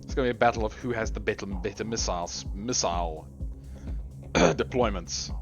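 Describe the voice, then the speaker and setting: A man's voice: on the low side, normal speed. A man giving live commentary on a game tournament, reading chat aloud and joking with viewers, laughing often. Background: faint game music.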